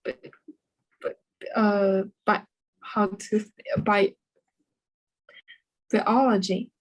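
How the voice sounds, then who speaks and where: A woman's voice: medium pitch, steady tone, poor audio. Hesitant woman with a Chinese accent. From China. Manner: hesitant, halting, many restarts. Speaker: student. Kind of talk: exam speaking practice.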